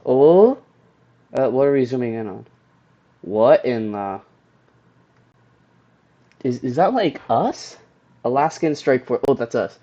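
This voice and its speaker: A young man commentating a strategy game, excitedly reading event text aloud and cheering. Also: mid-range voice, slow pace, long pauses. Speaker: gaming YouTuber. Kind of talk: let's play commentary. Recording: dull lo-fi home recording.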